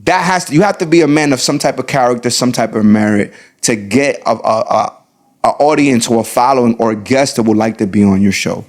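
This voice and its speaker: A man hosts his own podcast, giving heartfelt advice in a mid-pitched voice. He is earnest and emphatic, and he often repeats a phrase and slows down to let a point land. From the Bronx, New York. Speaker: podcast host. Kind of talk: solo podcast advice talk.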